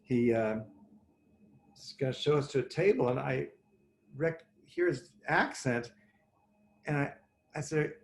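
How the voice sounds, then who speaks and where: A man telling a story as a guest over a video call, wry and theatrical, with lively asides. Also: mid-range voice, a little slow, creaky, long pauses, slight background noise. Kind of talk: anecdotal storytelling.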